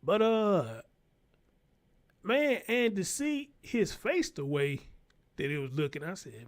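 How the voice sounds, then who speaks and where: A man's voice: high-pitched, sing-song, slow, pauses often. A man hosting his own show, giving a blunt, profane, unscripted commentary and repeating his points for emphasis, speaking.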